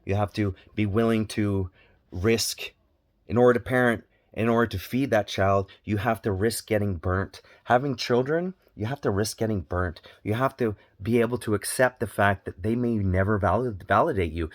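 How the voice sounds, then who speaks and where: Low-voiced male vlogger, earnest and repetitive, dry close sound. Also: animated, moderate pace, no echo. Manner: earnest, repeats phrases for emphasis. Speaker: parenting vlogger. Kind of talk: candid personal monologue.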